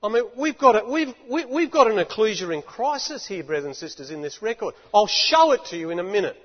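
Emphatic preacher guy giving a sermon, high voice, dull lo-fi recording. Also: brisk. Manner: animated, emphatic, rising to shouts. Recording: echoey hall, dull lo-fi.

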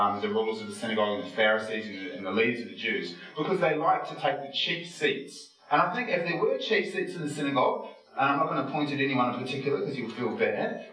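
Man preaching a casual Bible study, miked from afar in a booming room, faint music underneath. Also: pushed and bright, echoey room, distant mic, rough recording. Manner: asks the listeners rhetorical questions; folksy, chatty, with frequent fillers. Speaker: Bible teacher. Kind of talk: conversational Bible study sermon.

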